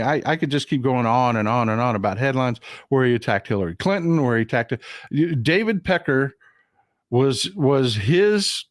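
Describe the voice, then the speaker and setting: A man from Texas hosting a livestream of political commentary, getting over a cold, talking in an animated, indignant way and repeating phrases for emphasis. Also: a little high, dry recording, clean studio sound. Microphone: desk mic at a computer for a livestream.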